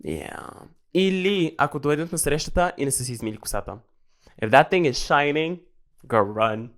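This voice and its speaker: A man's voice: a little high, lively intonation, moderate pace, fairly bright tone. Sassy young man. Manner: sassy, dramatic, switching between English and Bulgarian. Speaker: podcast host. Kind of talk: casual chat.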